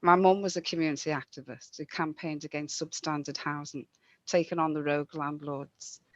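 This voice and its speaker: A woman's voice: deep voice, no echo. A woman giving an earnest, rallying campaign speech over a video call. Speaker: mayoral candidate. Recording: dry, dull lo-fi sound.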